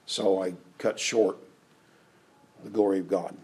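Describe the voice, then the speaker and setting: A man's voice: low voice, steady tone, a little slow, warm tone, husky, low-quality recording. A man preaching a conversational sermon, often checking in with his listeners. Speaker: pastor.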